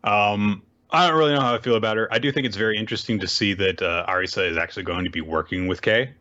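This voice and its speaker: A man co-hosting a casual manga recap podcast, retelling chapters with animated jumps into high character voices and frequent laughter. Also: fast talker, lo-fi sound. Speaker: podcast co-host.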